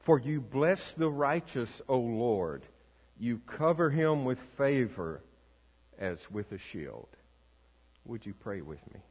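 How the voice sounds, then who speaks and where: A man, a pastor, reading scripture aloud and leading prayer in a slow, measured, solemn way. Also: medium pitch, big pitch swings. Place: church sanctuary. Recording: long reverb, dull lo-fi sound.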